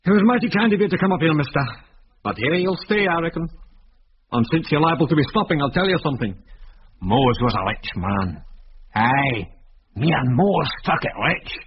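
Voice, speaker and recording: A man puts on a gruff old Scots prospector with a thick Scottish accent and a slow, folksy drawl. The pitch rises and falls lively. It comes through as a dull, lo-fi radio recording with a faint hiss. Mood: gruff homely. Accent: Scottish (put on).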